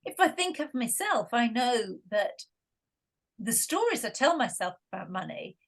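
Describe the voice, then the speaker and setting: A middle-aged Scottish woman talks as a guest in a relaxed conversation. She has a fairly high voice and is a chatty storyteller who laughs easily. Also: moderate pace, gravelly. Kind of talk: casual conversation.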